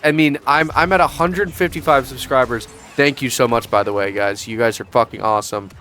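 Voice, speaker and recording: A man's voice: medium pitch, a little fast, bright, forceful tone, soft background music. A young man in a casual commentary vlog, sarcastic and profane, mocking as he talks. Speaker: YouTube commentator.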